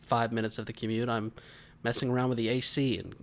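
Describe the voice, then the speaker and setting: A man's voice: medium pitch, little pitch movement, quick pace. A man in his twenties co-hosting a podcast, chatting casually with rambling, joking stories. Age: 20s. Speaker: podcast co-host. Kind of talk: casual chat.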